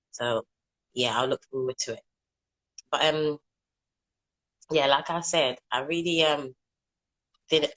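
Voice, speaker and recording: A woman's voice: a bass voice, fairly bright tone, rough recording. A woman hosting a casual live video chat on her phone, chatting freely and asking a guest questions. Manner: chatty, scolding her dog between questions. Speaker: host.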